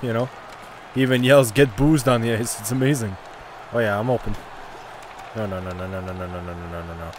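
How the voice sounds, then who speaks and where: Excitable man commentating a hockey game. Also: on the low side, brisk, long pauses, crowd noise, noisy background. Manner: excitable, trash-talking, cheering and groaning at the play. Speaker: gaming commentator. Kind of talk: casual gameplay commentary.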